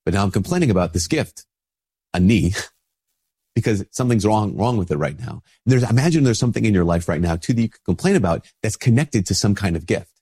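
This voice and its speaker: A priest with a stuffy nose from a cold, giving an informal spoken reflection with many restarts. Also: male voice, lowish voice, lively intonation, a little fast, dark tone, husky.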